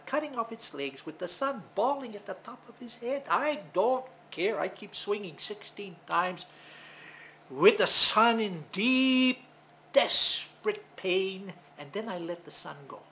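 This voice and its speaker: A male storyteller recounts a legend in the first person, casting himself as the hero. His voice sits high and leaps widely in pitch, with a gravelly rasp, and he tells it with a dramatic, animated manner. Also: normal speed, slight background noise, low-quality recording.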